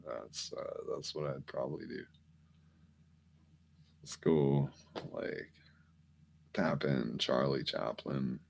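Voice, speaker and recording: A man's voice: very deep voice, vocal fry. A man hosting a rambling late-night monologue, meandering and swearing casually. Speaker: podcast host.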